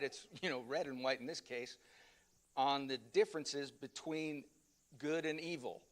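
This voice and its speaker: Man teaching a relaxed church class. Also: on the high side. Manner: conversational, loose, with many fillers and restarts. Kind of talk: casual Sunday class teaching.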